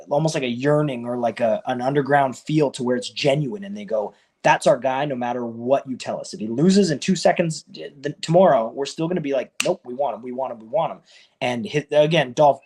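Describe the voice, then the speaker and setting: A man in his thirties, a wrestler guest in a casual interview, telling stories with lively quoted back-and-forth. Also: mid-range voice. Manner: animated storyteller, acts out quoted exchanges.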